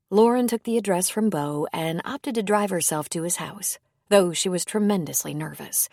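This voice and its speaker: A woman narrating a romance audiobook in a measured storytelling manner. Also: on the low side, a little mellow, no echo, studio quality. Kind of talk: scripted narration.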